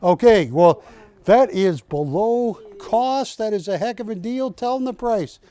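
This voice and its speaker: In a TV studio, an older man hosts a live shopping show, joking with the staff and urging callers to buy. His voice is high with lively intonation and a dark tone, and he speaks unhurriedly in this live sales pitch.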